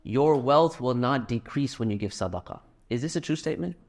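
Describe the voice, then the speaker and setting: A man's voice: medium pitch, animated, a little fast. A middle-aged man addresses a live audience in a hall, with a mid-range voice. He speaks conversationally, mixing personal anecdotes and light laughs into a fundraising appeal. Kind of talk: live religious talk and donation appeal.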